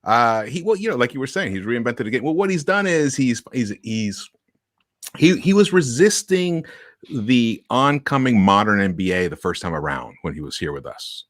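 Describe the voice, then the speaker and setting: Animated man with a lively voice. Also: medium pitch, moderate pace, dry recording, clean studio sound. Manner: animated, laughs easily, stumbles over words. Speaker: podcast panelist. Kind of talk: casual sports discussion.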